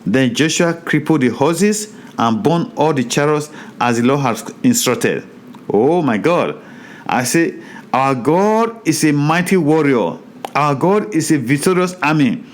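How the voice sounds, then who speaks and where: A man teaching a Bible study in a sermon style, reading scripture aloud and preaching with animated, repeated phrases. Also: on the high side. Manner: slows down over hard place names.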